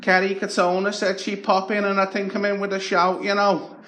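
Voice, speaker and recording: A man's voice: high-pitched, completely flat delivery, normal speed, bright, forceful tone, pitched above the performer's own voice. A man putting on a scrounging male beggar who pleads and rambles through his patter. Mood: wheedling. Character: wheedling male local beggar, scrounging, chatty.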